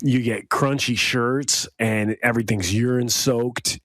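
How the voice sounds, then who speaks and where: A man co-hosting a podcast in casual chat, riffing with deadpan jokes. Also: medium pitch, a little slow, no echo, clean studio sound. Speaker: podcast co-host.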